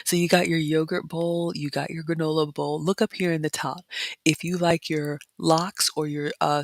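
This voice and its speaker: A woman vlogger chatting casually and reading viewer comments, dropping into excited whispers. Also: low-pitched, no echo. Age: adult mother. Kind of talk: casual chat narrating photos, reading live comments.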